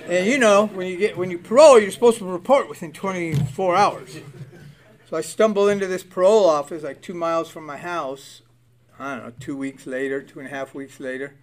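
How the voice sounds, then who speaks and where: Speaking briskly in a high register, a Southern Californian man in his sixties recounts his road to recovery. His storytelling is blunt and full of profanity, and he voices the people he describes.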